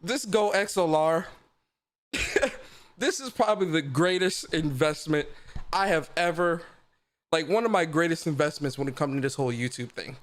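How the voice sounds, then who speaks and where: Male livestream host, casual and slangy, often laughing, slightly high voice. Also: normal speed.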